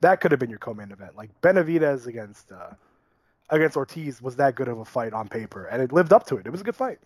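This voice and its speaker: A man's voice: mid-range voice, very animated, fast talker, a little mellow, no room sound. Dry-sounding man giving opinionated analysis. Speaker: podcast co-host. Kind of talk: casual sports chat.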